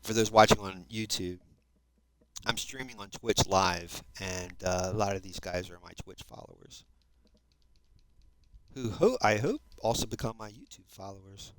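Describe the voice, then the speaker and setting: A man's voice: lowish voice, expressive, moderate pace. A man in his fifties from South Jersey, with a South Jersey accent, chatting casually to viewers while playing a game, often adding dude and man. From South Jersey, USA. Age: 50s. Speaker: Minecraft streamer. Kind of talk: casual live-stream gameplay chat.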